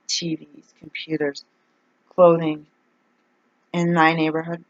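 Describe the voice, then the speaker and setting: A woman's voice: low-pitched, no room sound. A woman ranting in a casual vlog, rambling and exasperated as she complains. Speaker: vlogger. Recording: dull, dry lo-fi recording.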